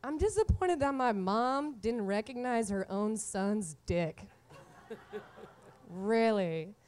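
A woman in her twenties telling a comic story from her own life, animated and often laughing through the punchlines. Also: fairly high pitch, slow. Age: 20s. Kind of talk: live comedic storytelling.

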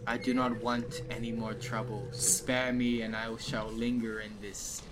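A desperate, weary lost soul pleading for mercy, voiced by a man in a tabletop game. He speaks slowly and earnestly. Background noise runs under the recording. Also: mid-range voice, little pitch movement, close to an everyday voice.

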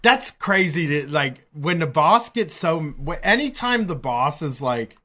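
A man's voice: fairly high pitch, big pitch swings, unhurried, hardly any pauses, sharp tone. A man reacting in casual chat, laughing often and giving blunt opinions with swearing.

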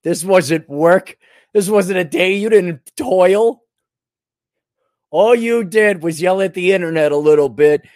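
A man's voice: high-pitched, measured pace, a little mellow, dry recording, clean studio sound, pitched above the performer's own voice. A man voicing his own scornful inner critic, sneering and scolding. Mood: mocking.

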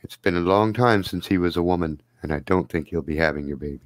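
A man's voice: deep voice, fast, voice pushed down, lightly acted. A man doing a dry-witted woman doctor. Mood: teasing. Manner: matter-of-fact, teasing. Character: calm, dry-humored young woman field doctor. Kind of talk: tabletop game character voice.

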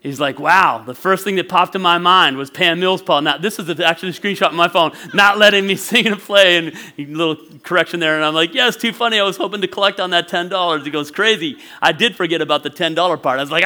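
A man in his forties preaching a sermon as pastor, telling a childhood story in a lively way and laughing often. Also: sits high, fairly quick. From northwestern Pennsylvania.

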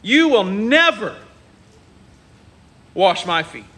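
An impulsive male apostle blurts out his objections in a raised, almost shouting voice, as a preacher acts him out. His voice sits high and bright, sharp with protest. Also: very animated, very slow, heavily acted.

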